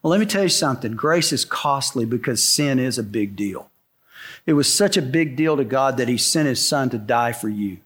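Emphatic middle-aged pastor preaching. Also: male voice, mid-range voice, lively intonation, normal speed, fairly bright tone, husky. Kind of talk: sermon. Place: church sanctuary before a congregation.

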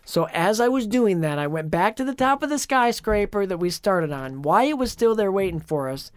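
Rambling podcast co-host, dry close mic. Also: male voice, high-pitched, moderate pace, clear, resonant tone, no room sound. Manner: rambling, animated storytelling with many fillers. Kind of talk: casual chat, retelling a dream.

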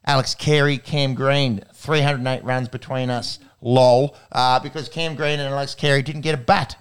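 Brief: Australian male podcast host, smooth resonant tone, joking, easygoing banter. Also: mid-range voice, steady tone, moderate pace. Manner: joking, laid-back banter. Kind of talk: casual chat.

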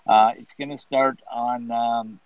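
A man's voice: medium pitch, steady tone, takes it slowly, dry recording, highs cut off. A man co-hosting a casual sports chat show, laughing often and chanting animatedly. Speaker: co-host.

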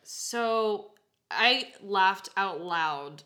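A woman back as a guest on a podcast, chatting casually. She is self-deprecating and a little sheepish, and her voice is bright and clear. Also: mid-range voice, animated, drawn-out words. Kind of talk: casual chat.

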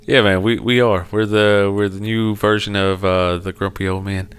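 A man's voice: normal speed, smooth. A man chatting casually with a friend, swearing a lot and acting out the people in his stories in a raised voice. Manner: animated storyteller, swears a lot, acts out quoted people in a high voice. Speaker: podcast co-host. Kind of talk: casual chat.

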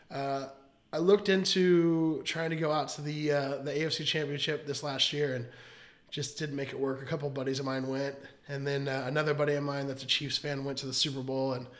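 A man's voice: mid-range voice, a bit bright. A man in his thirties, a podcast guest, telling long casual stories and laughing often. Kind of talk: casual chat, storytelling.

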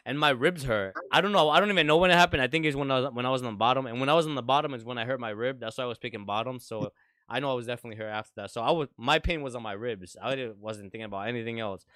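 Joking young man with a smooth voice. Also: mid-range voice, racing, no room sound, studio quality. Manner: joking, laughs often, loud speaker. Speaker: podcast host. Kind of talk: casual chat.

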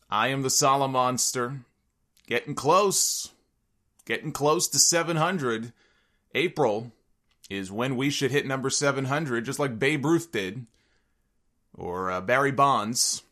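A man hosting his own wrestling podcast, joking through sponsor reads and rattling off listener shout-outs. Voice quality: sometimes gravelly low notes. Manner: jokey wrestling-fan banter, rattles off listener names. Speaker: podcast host.

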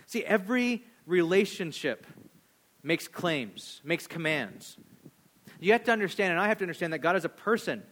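A man in his thirties preaching a sermon, animated, swinging between loud emphasis and hushed, low asides. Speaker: pastor.

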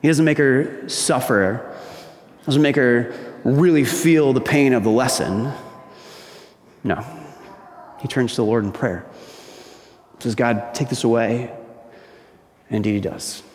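In an echoey, long-reverb church hall, a man gives a conversational sermon, posing questions to the congregation and voicing quoted characters. He speaks at medium pitch, a bit slowly with frequent pauses, over slight background noise.

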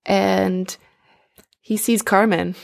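A young woman tells a story in a casual, animated way, slipping into little voices for the characters. Her voice carries a gravelly creak at the ends of phrases, sitting at an ordinary middle pitch. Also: very slow, a little hiss or hum. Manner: animated, acts out characters in quoted voices, frequent "like" and laughter. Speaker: storyteller recapping an opera. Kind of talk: casual chat.

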